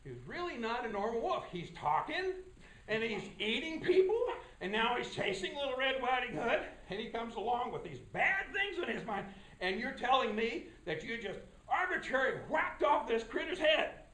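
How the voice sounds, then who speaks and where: A man drops his voice low to play a pompous, officious judge who weighs every word slowly. The voice is deep and deliberate, with an echoey room around it. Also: very animated, pushed and bright, exaggerated voice. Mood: deliberating. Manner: slow, measured, officious. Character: stern, pompous male judge questioning witnesses.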